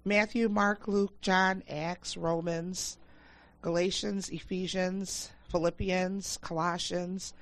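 A woman's voice: lowish voice, little pitch movement, slow. A woman in a church class, reluctant and hesitant, reciting a memorized list of Bible books. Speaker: class member.

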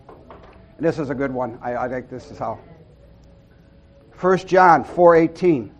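A middle-aged man giving an informal sermon to a small church group, earnest and folksy, with loud whoops and amens. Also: medium pitch, a little slow, long pauses, muffled recording. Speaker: lay preacher.

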